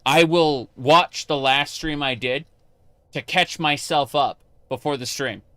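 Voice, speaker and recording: A man's voice: on the high side, a little slow, pushed and bright, no echo. A man chatting casually with his live-stream chat while playing a game, rambling with many fillers and restarts.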